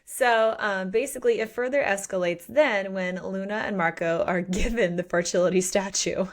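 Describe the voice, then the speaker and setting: A woman in her thirties co-hosting a casual book podcast, animated and acting out characters' lines. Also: mid-range voice, moderate pace. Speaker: podcast co-host.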